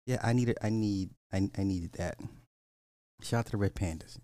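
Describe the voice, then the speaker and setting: Laid-back deep-voiced male stream host. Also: moderate pace, dry recording. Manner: greets chat viewers by name, animated and playful. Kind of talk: casual live-stream chat.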